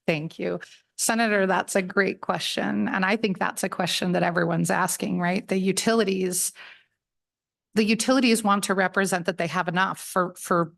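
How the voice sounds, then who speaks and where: A woman's voice: medium pitch, fairly even intonation, moderate pace, a bit bright. A woman giving friendly, conversational testimony to a legislative committee at a table microphone, often restarting her phrases as she explains. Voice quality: gravelly. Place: legislative committee hearing room.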